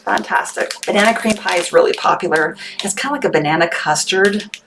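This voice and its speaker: A woman's voice: lowish voice, brisk, noisy background. A woman from Texas running a live-stream sale for her candy shop, upbeat and chatty, thanking viewers by name as she talks. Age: adult, military veteran. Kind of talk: live-stream sales chat.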